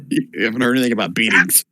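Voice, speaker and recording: A man narrating as game master in a casual online tabletop game, relaxed and often laughing. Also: fairly low pitch, fast, no room sound.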